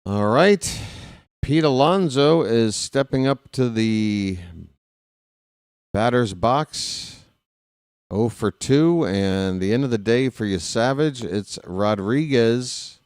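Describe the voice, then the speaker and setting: A man's voice: medium pitch, expressive, takes it slowly, darkish tone, clean tone, dry recording, clean studio sound. A man calling a baseball game live as a fan play-by-play host, rooting openly for his team in a chatty way. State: hiccups.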